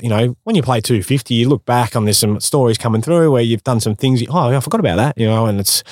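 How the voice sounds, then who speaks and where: A man's voice: fairly low pitch, darkish tone, no room sound, studio quality. A man in his thirties with an Australian accent, a former footballer telling stories candidly in a casual podcast interview, self-mocking and slangy. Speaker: guest, former pro footballer.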